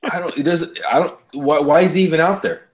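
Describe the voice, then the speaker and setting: A man's voice: on the high side, fairly even intonation, brisk, a crowd in the background. A man co-hosting a casual podcast, ranting heatedly with lots of swearing. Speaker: podcast co-host. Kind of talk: casual wrestling chat.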